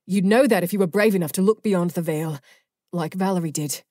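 A woman's voice: fairly low pitch, fairly quick, dark tone, dry recording, studio quality, natural voice. A woman voicing Ajax, a cocky young male fallen angel in an audiobook, with a smug, taunting manner. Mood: defiant.

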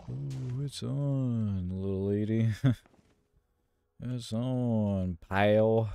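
A man's voice: on the low side, drawn-out words, creaky, long pauses, warm tone, clean tone. A man giving profane, exasperated gameplay commentary and taunting game enemies aloud. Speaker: gaming YouTuber.

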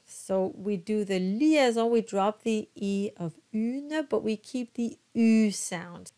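A woman talks slowly and patiently as a diction coach for choirs. She spells out letters and models each word with care, repeating it several times. Her voice sits at a middle pitch. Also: mellow. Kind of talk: slow, careful pronunciation coaching.

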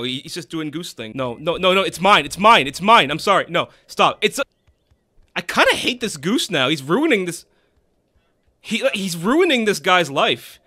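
High, bright, excitable streamer man. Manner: excitable, yells and swears at game characters; rambling anecdotes with frequent restarts. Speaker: game streamer. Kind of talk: casual gameplay commentary.

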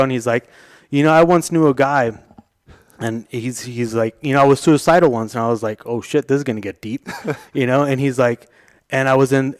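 A man's voice: medium pitch, no room sound, clean studio sound. Laid-back young man telling a story. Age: young adult. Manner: laid-back, swearing, laughing through his story. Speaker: podcast guest. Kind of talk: casual storytelling.

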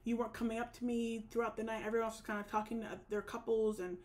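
A woman's voice: fairly high pitch, level tone, fast, darkish tone. A young woman chatting casually as she recaps a show, with lots of fillers and restarts. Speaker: recap vlogger. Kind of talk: casual reality TV recap chat.

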